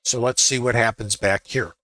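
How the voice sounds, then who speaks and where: A man's voice: medium pitch, steady tone, moderate pace, a bit bright, dry recording, rough recording. A man in his sixties giving live trading commentary to his viewers. He talks in a conversational way, thinks aloud with rhetorical questions and often checks that viewers are following. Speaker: futures trading educator.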